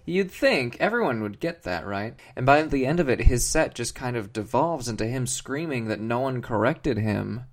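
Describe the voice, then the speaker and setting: Mid-pitched man, deadpan comedy podcast co-host who rambles. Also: normal speed, hardly any pauses. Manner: rambling, mock-earnest, full of fillers.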